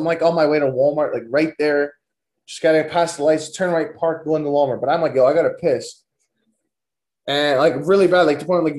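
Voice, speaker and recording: A man's voice: on the high side, a little mellow. A young man telling profane, rambling stories in a loose, joking, casual way as a podcast host. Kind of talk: casual storytelling.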